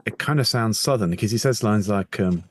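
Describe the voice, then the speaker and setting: A man's voice: on the low side, normal speed, no room sound. A man co-hosting a podcast in an easygoing way, often agreeing and laughing along. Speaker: podcast co-host. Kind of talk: casual comic-book chat.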